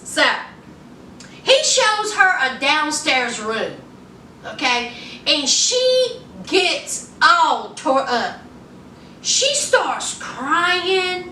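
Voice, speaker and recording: A sassy woman recaps a reality show with laughter, her voice high and bright. She takes her time, and she sounds a little off-mic in an echoey room with faint ambient noise. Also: far from the mic. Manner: sassy, laughing, animated storytelling. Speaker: reality TV reviewer. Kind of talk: casual recap commentary.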